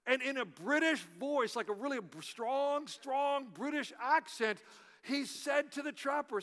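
A man's voice: very high-pitched, measured pace, fairly bright tone. A male pastor preaching a sermon, speaking emphatically with repetition and call-and-response prompts. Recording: long reverb in a large hall.

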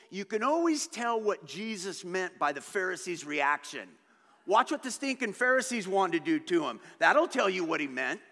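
Male pastor, high-ish voice, lively emphatic preaching, long hall reverb. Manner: animated, emphatic preaching with conversational asides. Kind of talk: sermon.

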